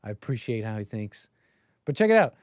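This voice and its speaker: A man's voice: on the low side, sing-song, fairly quick, darkish tone, no room sound. A man hosting a live stream, reacting to a video clip in casual, sarcastic and rambling commentary that often repeats itself.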